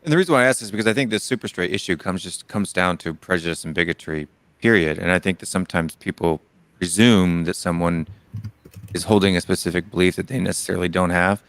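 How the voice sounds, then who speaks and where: A man's voice: sits low, fast talker, a bit bright, dry recording. A man with an American Southern accent, co-hosting a casual debate chat and making his case earnestly with many restarts.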